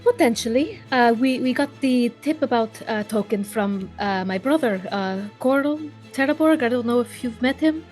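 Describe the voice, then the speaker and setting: A woman's voice: on the high side, animated, normal speed, few pauses, darkish tone, soft background music. A woman playing a tabletop game, speaking politely and breaking into giggles. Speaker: player.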